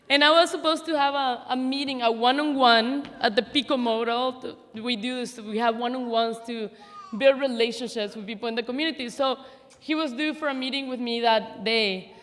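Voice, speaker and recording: Speaking at a memorial, a woman in her thirties shares a personal story, laughing and teasing herself in a chatty manner. Her slightly high, somewhat bright voice moves at normal speed, captured live with the reverb of a large hall.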